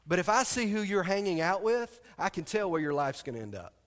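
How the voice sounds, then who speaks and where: A man's voice: sits high, very animated, a little fast, a bit bright. A middle-aged man preaching a sermon as pastor, telling stories, asking the congregation questions and adding joking asides. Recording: long hall reverb.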